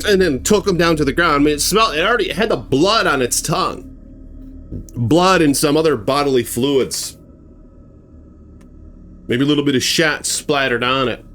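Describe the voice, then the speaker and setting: A man's voice: a little high, normal speed, pauses often, fairly bright tone, a little hiss or hum. A man telling a horror story in a casual, rambling way, full of fillers and restarts.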